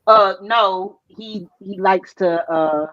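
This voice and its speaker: A woman talks bluntly and outspokenly in a loose online panel chat, often laughing between her points. Her voice sits at a middle pitch. The sound is a little muffled and dry, with no room echo. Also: slow.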